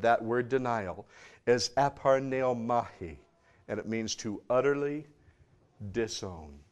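A male preacher delivering a sermon in a mid-pitched voice. He is emphatic and dramatic, rising to loud passages and then dropping to near-hushed tones. He leans on pauses to let points land.

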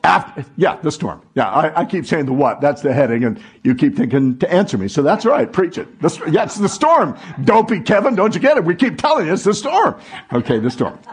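A man's voice: fairly high pitch, big pitch swings, fairly quick, hardly any pauses, breathy edge. A man preaching a sermon to a congregation, asking the room call-and-response questions. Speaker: pastor.

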